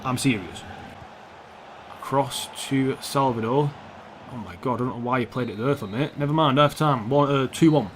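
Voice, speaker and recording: A young man commentating his own football video game match, swearing often and shouting at the players on screen. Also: mid-range voice, normal speed, noisy background. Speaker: gaming YouTuber. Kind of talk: gameplay commentary.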